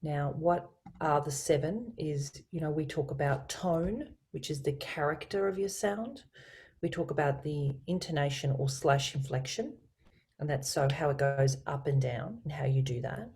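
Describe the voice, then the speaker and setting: As a guest in a business interview over video call, a woman with a low, mellow, warm voice explains her coaching ideas. She speaks at a moderate pace with lively, enthusiastic emphasis.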